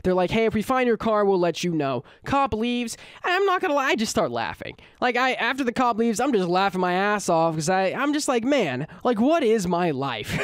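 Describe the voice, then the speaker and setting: Young male storyteller, slangy and animated, higher voice, dry close sound. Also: fairly quick, few pauses, smooth, no room sound. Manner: animated, slangy, laughs at his own bad luck. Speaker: storytelling YouTuber. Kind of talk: casual storytime vlog.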